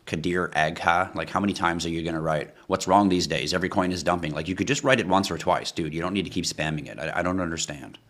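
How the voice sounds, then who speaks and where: A man's voice: sits low, fast talker, hardly any pauses, fairly bright tone. Blunt, ranting male crypto streamer. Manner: blunt, ranting, talks to chat viewers. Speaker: livestream host. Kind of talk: live crypto stream chat.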